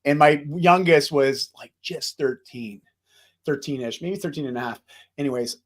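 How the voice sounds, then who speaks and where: A man co-hosting a podcast in casual chat, animated and enthusiastic, laughing often. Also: on the high side, normal speed. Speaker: podcast co-host.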